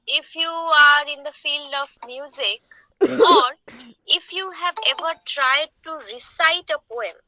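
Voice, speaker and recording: A woman teacher explains at a slow, deliberate pace, often asking her class questions. Her voice is high and very bright. She coughs often, and the sound is dry and close. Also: no echo, poor audio. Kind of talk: online lecture.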